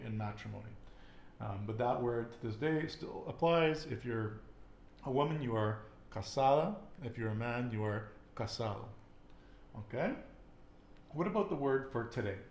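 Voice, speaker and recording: A man runs a relaxed Spanish lesson and keeps asking his student questions to check what she knows. His voice bounces around a reverberant room. There is a light hiss of background noise. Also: medium pitch. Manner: patient, quizzing with questions. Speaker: Spanish teacher. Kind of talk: casual language lesson.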